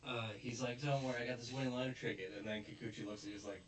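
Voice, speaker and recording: A man in casual conversation, recapping scenes with lively put-on voices for the characters. His voice is heard from a distance in an echoey room, with faint noise behind it. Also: mid-range voice, racing. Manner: animated retelling, acting out characters' lines with laughs. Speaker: podcast host. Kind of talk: casual chat recapping an anime.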